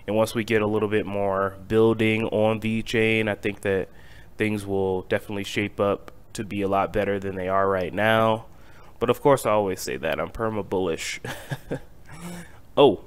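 A man hosting a casual crypto market update, talking in a low-key, sleepy near-monotone and chuckling lightly now and then. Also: clean tone. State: not fully awake. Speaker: crypto channel host.

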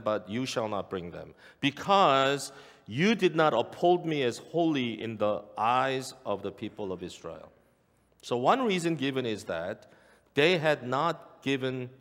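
Lively-voiced pastor preaching in a reverberant church. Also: male voice, medium pitch. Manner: earnest preaching with rhetorical questions and repetitions. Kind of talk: sermon. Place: church sanctuary. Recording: long hall reverb.

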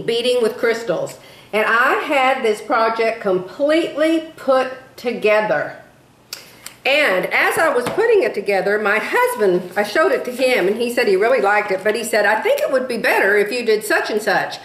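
A woman in her sixties talks in a loose, wandering way, as if chatting with a friend, and keeps losing her thread. Her voice sits on the high side. The room around her is echoey. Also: a bit bright. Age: 60s. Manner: chatty, wanders off topic, laughs at herself. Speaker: beading vlogger. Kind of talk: rambling casual storytelling.

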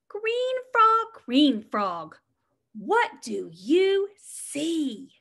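Slow, sing-song high-voiced woman teacher. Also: sing-song, vocal fry, fairly bright tone. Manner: sing-song and encouraging, asking children questions. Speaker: preschool teacher. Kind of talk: reading a picture book aloud to young children.

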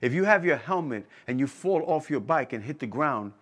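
A man's voice: mid-range voice, lively intonation, moderate pace, fairly bright tone. A man preaching a sermon with emphasis, repeating key phrases and asking the listeners whether they are hearing him. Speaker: pastor.

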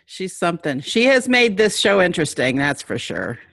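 A co-host of middling pitch chatting casually about a show, mostly answering with easy agreement. The sound is dry and close, with no room echo. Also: moderate pace, vocal fry. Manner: brief agreeing replies, relaxed. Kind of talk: casual commentary chat.

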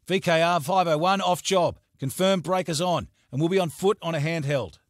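A man's voice: fairly high pitch, normal speed, dry recording, clean studio sound, voice pushed up, close to an everyday voice. A man voicing a laid-back, wry male police officer, the partner of the lead, in an audiobook. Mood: urgent. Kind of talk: audiobook character voice.

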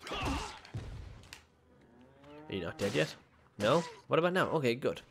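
A man's voice: on the high side, wildly swooping pitch, measured pace, vocal fry, long pauses, a bit bright, slight background noise. A man hosting a gaming channel, giving casual, self-mocking commentary while playing a horror game at home. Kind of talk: let's play commentary. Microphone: desk mic with webcam.

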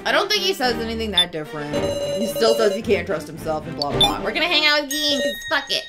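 A woman's voice: on the high side, very animated, fast. A woman casually commenting on a game she plays, joking, swearing and laughing often. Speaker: streamer. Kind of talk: casual let's-play commentary. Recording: loud game music behind.

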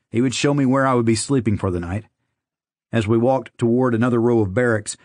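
A man narrating a first-person audiobook in a steady, conversational storytelling manner. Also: fairly low pitch, no room sound, clean studio sound.

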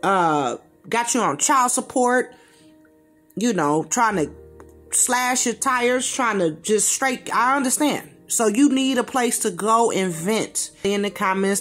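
A woman talks straight to the camera in a blunt reaction rant, full of slang and repeated words for emphasis. Her voice sits at an ordinary middle pitch. Faint music plays underneath. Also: a bit bright. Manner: slangy informal speech. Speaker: commentator reacting to a video.

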